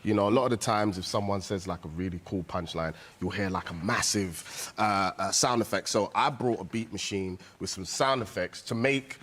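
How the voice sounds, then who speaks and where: A man's voice: lowish voice, normal speed, few pauses. A male comedian on a panel show, telling a story in loose, teasing banter. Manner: hyped, loud, teasing. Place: TV studio with live audience.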